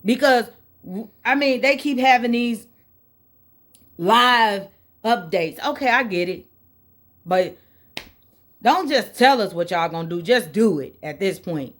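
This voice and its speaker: A woman from Indiana, USA, speaks straight to her vlog audience with a slightly high voice. She rants in exasperation and circles back to the same complaints. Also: slow pace, pauses often. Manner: exasperated ranting, repeats points. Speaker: vlogger. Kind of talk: casual opinion vlog.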